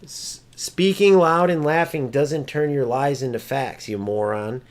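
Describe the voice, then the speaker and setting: A man streaming a football video game, ranting at chat and mocking opponents, swearing freely. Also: measured pace. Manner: mimics opponents in a high sneering voice. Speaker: gaming streamer. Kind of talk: live gameplay commentary and chat.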